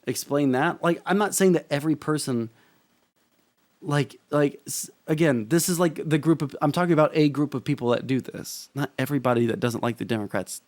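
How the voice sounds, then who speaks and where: A young male streamer riffs through casual political commentary in a fairly high voice. He rants, swears freely and keeps restarting his sentences. The sound is dry and close, with no room around it. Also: fairly quick, a little mellow, no room sound. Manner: profane, ranting, restarts often.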